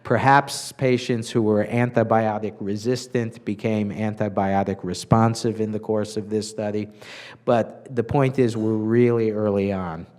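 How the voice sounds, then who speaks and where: A physician giving a conference lecture to clinicians, measured and earnest, with frequent filler sounds. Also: male voice, fairly low pitch, fairly even intonation, a little mellow.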